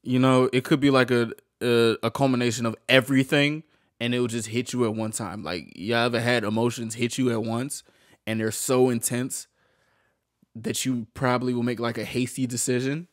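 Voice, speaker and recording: A man reacting to a true crime story, thinking out loud in slang and stumbling over his words. His voice sits at an ordinary middle pitch. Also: fairly even intonation, no echo, studio quality. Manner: halting, filler-heavy slang talk. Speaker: reaction video host. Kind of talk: casual reaction commentary.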